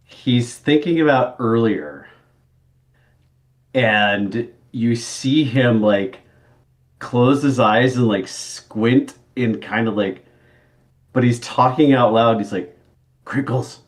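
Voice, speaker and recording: A man playing in a tabletop game, describing his character in a halting way. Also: medium pitch. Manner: halting, full of "like". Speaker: player. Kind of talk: casual tabletop play narration.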